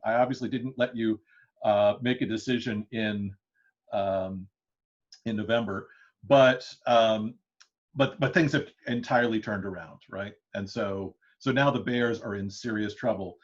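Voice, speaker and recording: A man's voice: mid-range voice, unhurried. A man giving an interactive classroom lecture, talking loosely with many fillers and restarts, often chuckling. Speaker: history lecturer. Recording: dull lo-fi lecture recording.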